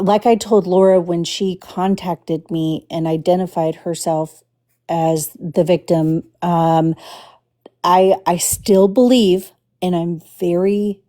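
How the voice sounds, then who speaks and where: A woman's voice: fairly low pitch, fairly even intonation, slow pace, warm tone. A woman from the Houston area hosting a casual livestream, choosing her words carefully with many restarts. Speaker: livestream host.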